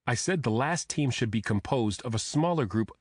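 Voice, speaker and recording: A man narrating a thriller audiobook in a steady, measured reading. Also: mid-range voice, no echo, clean studio sound.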